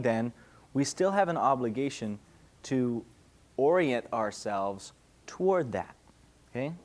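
With a medium-pitched voice, a young pastor delivers a relaxed sermon in question-and-answer form. His tone is conversational, and he frequently pauses to ask "okay?"

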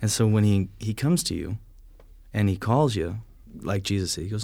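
A man's voice: fairly low pitch, moderate pace, gravelly, darkish tone, no echo. A man in casual conversation, animatedly telling stories about his faith and acting out bits of dialogue with chuckles.

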